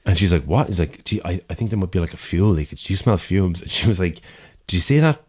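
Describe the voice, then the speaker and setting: A young Dublin man with a very deep voice tells a rowdy story on a podcast, swearing freely and acting out the voices of the people in it. His Irish accent comes through in every line. The talk is loose and chatty. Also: quick pace, breathy edge. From Ireland. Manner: animated, profane storyteller acting out quotes. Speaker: podcast co-host. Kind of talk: casual chat, storytelling. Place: city studio with door open.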